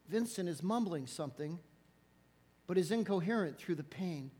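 A man preaching a sermon, telling a story dramatically and dropping to hushed soft lows. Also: long reverb tail.

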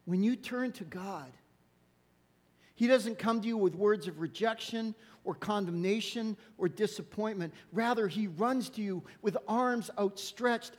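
A man preaching a sermon, telling a story dramatically and dropping to hushed soft lows. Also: unhurried, big-room sound.

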